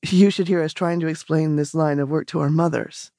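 A woman voicing a calm young male investigator, speaking softly and low, almost whispering. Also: fairly quick, no room sound, clean studio sound. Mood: amused. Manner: soft, low, nearly whispering.

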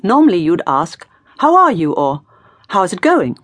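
A woman's voice: fairly low pitch, very animated, a little slow, no echo. A woman teaching in a scripted audiobook lesson, prompting the learner in an encouraging, playful way. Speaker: language teacher.

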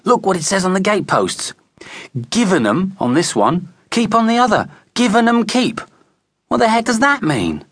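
Man doing a tiny excited boy, squeaky high voice, bouncy, eager, dry storybook sound. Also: normal speed, no room sound, heavily acted. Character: small excitable young boy.

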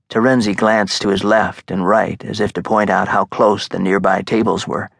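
A man reading a thriller audiobook in a measured, suspenseful narration. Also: on the low side, little pitch movement, gravelly, no room sound. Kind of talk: scripted narration. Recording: dry, close studio sound.

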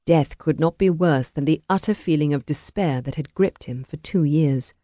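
A woman narrating a historical romance audiobook in a measured, even storytelling voice. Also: low voice, no room sound, studio quality.

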